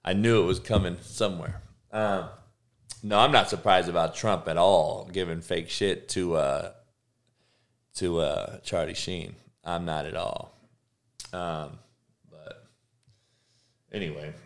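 A man hosting a podcast, ranting casually with heavy swearing, rambling tangents and loud bursts of disbelief. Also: sits low, fairly even intonation, takes it slowly, pauses often. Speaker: podcast host. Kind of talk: casual sports podcast rant.

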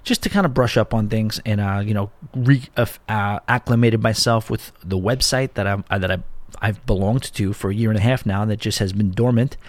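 A man's voice: lowish voice, brisk, no room sound. A man hosting a podcast from his home studio, telling a story in a chatty, rambling, self-deprecating way. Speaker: podcast host. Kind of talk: casual solo podcast chat. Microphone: studio mic.

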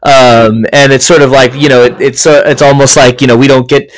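A man's voice: mid-range voice, flat delivery, brisk, low-quality recording. A man hosting a casual interview, hesitant and full of fillers. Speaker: podcast host.

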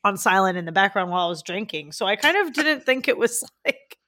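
A woman with a bright, forward tone talks through a film in casual podcast chat. She rambles and circles back, leaning on fillers and second thoughts. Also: mid-range voice, big pitch swings, fairly quick. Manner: rambling, many "like" fillers, frequent laughter. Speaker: podcast co-host. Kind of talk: casual movie review chat.

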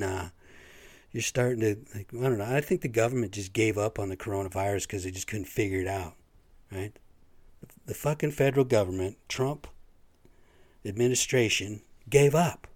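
A man's voice: lowish voice, no room sound. A man hosting a podcast, ranting in a rambling, profane monologue with a stuffy nose. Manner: profane, rambling, animated storytelling. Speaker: podcast host. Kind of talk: casual monologue rant.

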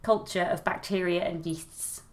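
A woman's voice: lowish voice, steady tone, measured pace, a loud crowd. A woman co-hosting a podcast in casual chat, talkative and giggly with a self-deprecating streak. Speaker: podcast co-host.

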